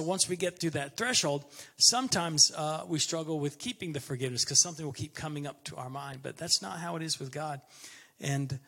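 Raspy, bright-voiced man preaching. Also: fairly high pitch. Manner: emphatic, repeats phrases, conversational preaching. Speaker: pastor. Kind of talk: sermon.

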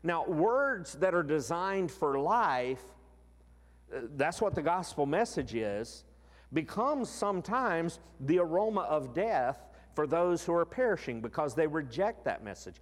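A man preaches in a lively, rising and falling voice, often slowing right down on the words he wants to land. His slightly high voice carries a long reverb that trails after each phrase. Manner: expressive, slows down for emphasis. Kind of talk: sermon.

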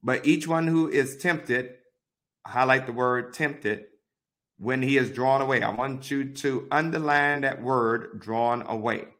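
A man teaching a Bible study, reading verses aloud and pausing to give deliberate, repeated marking instructions. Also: mid-range voice, fairly bright tone. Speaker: pastor.

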